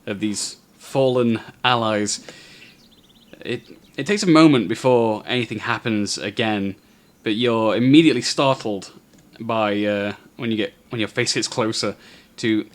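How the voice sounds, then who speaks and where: A man narrating a tabletop game as game master, telling the scene in an unhurried, descriptive way. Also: on the low side.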